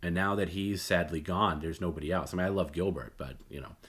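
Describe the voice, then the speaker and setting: A man's voice: low voice, a little fast, a bit bright. A middle-aged man hosting a late-night solo talk stream, rambling and opinionated, blunt, with many fillers and restarts. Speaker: host.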